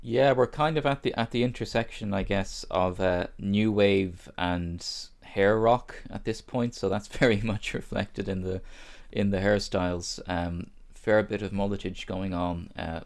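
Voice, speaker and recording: A man co-hosting a podcast in casual chat, relaxed and rambling with fillers. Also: fairly low pitch, unhurried, few pauses. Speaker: podcast co-host.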